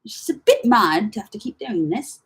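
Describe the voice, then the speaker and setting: A young woman chatting casually to camera as she sorts through her files, rambling and swearing with slangy, animated talk. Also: mid-range voice, a little fast, husky, rough recording. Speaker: vlogger.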